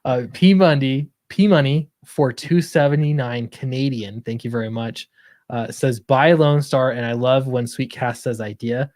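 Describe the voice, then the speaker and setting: Man, stream host, casual and hesitant, mid-pitched voice, dry close sound. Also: fairly even intonation, moderate pace, darkish tone, no echo. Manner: hesitant, trails off, often unsure. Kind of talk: casual chat.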